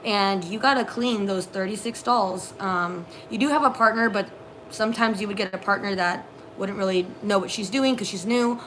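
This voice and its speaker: A young woman co-hosting a casual live stream, telling animated work stories with many fillers. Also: medium pitch, moderate pace, slight background noise. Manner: animated storyteller, lots of fillers. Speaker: co-host, former theme park custodian.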